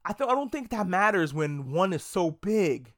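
A man hosting a casual video review of a TV episode, talking excitably, rambling and swearing a lot. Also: sits high, moderate pace, no room sound, studio quality. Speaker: TV show reviewer.

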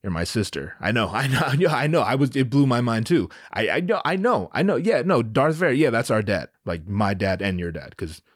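A man's voice: mid-range voice, sing-song, fairly quick, hardly any pauses, no echo. Stammering young male hero, played by a man, over-explains everything, dry close sound. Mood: sheepish.

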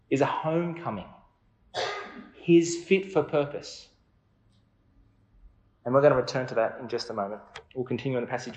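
A man's voice: a little high, fairly bright tone, reverberant, highs cut off. A man preaching a sermon in an earnest, conversational way, asking his listeners questions.

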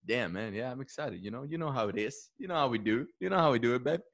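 A man's voice: medium pitch, expressive, fast, a bit bright, no room sound. A man from Mexico, a guest image consultant, chatting casually, swearing and laughing as he talks. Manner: profane, joking, laughs often. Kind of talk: casual interview chat.

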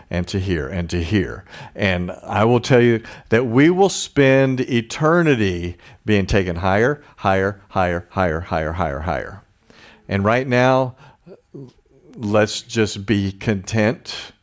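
A man preaching a conversational sermon, with informal asides and chuckles. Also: on the low side. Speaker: pastor.

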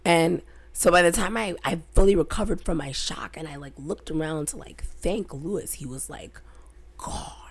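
A young woman telling a story on a casual podcast, animated, dropping into whispers when she quotes herself. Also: low voice, moderate pace, breathy edge. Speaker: podcast co-host.

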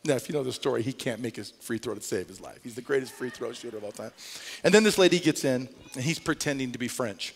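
A man preaching a sermon as pastor, telling a story with lively energy that climbs to near-shouts. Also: medium pitch, fast talker, vocal fry, big-room sound. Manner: animated storytelling, rising to shouts. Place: church sanctuary.

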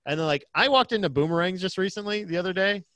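A man's voice: sits high, fast talker, bright, forceful tone, dry recording. Profane, joking man on a close, dry mic. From Pennsylvania. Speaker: podcast co-host. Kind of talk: casual chat.

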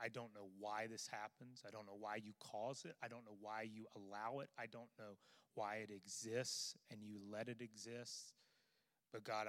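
A man, a pastor, leading an earnest congregational prayer in a church sanctuary, halting at times with fillers. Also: lowish voice, bright, forceful tone. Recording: long reverb of a large hall.

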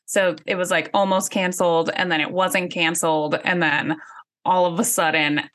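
A woman's voice: lowish voice, steady tone, moderate pace, a bit bright. A woman chatting casually on a video call, laid-back, laughing often and giving short replies. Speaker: podcast co-host. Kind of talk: casual chat.

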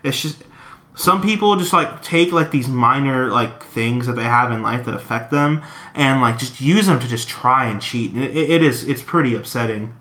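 A man's voice: medium pitch, normal speed, sharp tone. A man chatting casually, talking earnestly with many fillers and restarts. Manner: hesitant, filler-heavy, earnest. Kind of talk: casual chat.

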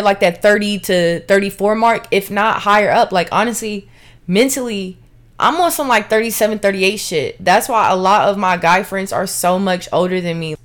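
Candid, emphatic young woman podcaster. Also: lowish voice. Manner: candid, emphatic, addresses listeners as y'all. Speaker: podcast host. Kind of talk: casual solo podcast monologue.

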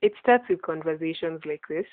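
A woman's voice: deep voice, a little fast, no echo. Earnest woman podcast host, tinny line. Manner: earnest, laughs often. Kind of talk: casual faith podcast chat. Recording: tinny phone-like line, dry.

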